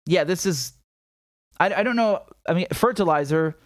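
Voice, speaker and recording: A man's voice: high-pitched, moderate pace, dry recording, studio quality. Blunt, profane male live-streamer. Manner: blunt, profane, animated, with many repeated words. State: has a headache. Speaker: political commentator hosting a live stream. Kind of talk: casual live-stream commentary reading chat.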